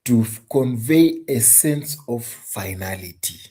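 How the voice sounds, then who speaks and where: A man's voice: medium pitch, lively intonation, slow pace, warm tone, slightly rough. A man teaching an exam tutorial, stressing and repeating key points and asking rhetorical questions. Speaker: English teacher.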